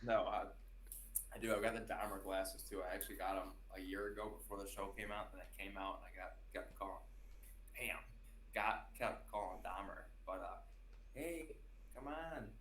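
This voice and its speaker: Chill young dude on a podcast, lowish voice, echoey room, laughs a lot. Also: male voice, little pitch movement, a little fast, fairly bright tone, a little hiss or hum. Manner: laid-back, rambling, laughs often. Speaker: podcast co-host. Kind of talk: casual chat.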